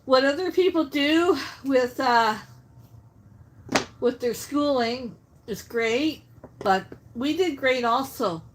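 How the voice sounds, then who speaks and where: Lady chatting unhurried on her cooking stream, reading out viewer comments, pretty high voice. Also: noisy background. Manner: chatty, reads viewer comments aloud and answers them. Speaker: livestream host. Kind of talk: casual live-stream chat while cooking.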